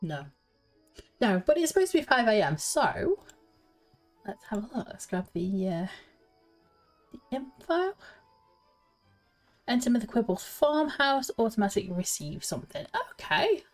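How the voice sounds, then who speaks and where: A woman's voice: on the high side, big pitch swings, unhurried, pauses often, faint music behind. A woman streamer casually thinking aloud and giggling as she plays through a game quest. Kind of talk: casual gameplay commentary.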